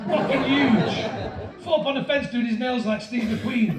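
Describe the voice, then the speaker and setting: A stand-up comedian in his 50s performs a set at a comedy venue, telling stories animatedly at normal speed in a very high voice that breaks into loud shouting bursts. He's picked up from a distance in a roomy live space, over loud music, with the crowd audible and the audience laughing.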